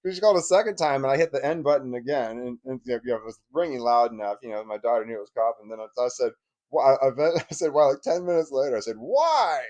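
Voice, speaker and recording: A man's voice: medium pitch, quick pace, few pauses, a little mellow, lo-fi sound. A man casually telling a long story about his daughter and ex-wife, rambling with frequent restarts, laughter and swearing. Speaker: divorced father telling a story.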